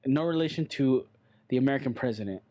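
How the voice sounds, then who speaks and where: A man chatting on a podcast in a loose, rambling way, blunt and quick to swear. His voice sits at an ordinary middle pitch. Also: expressive, mellow. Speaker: podcast co-host. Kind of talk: casual chat.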